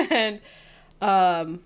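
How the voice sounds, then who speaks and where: A woman's voice: mid-range voice, sing-song, extremely slow, fairly bright tone. A woman co-hosting a podcast, telling a story in casual chat and laughing often as she goes. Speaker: podcast co-host.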